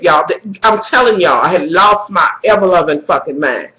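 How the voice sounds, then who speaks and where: A woman telling a profane, dramatic story to her viewers, swinging between shrill squeals and low mutters. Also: brisk, few pauses, bright, forceful tone, reverberant, poor audio. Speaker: vlogger. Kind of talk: profane storytelling rant to camera.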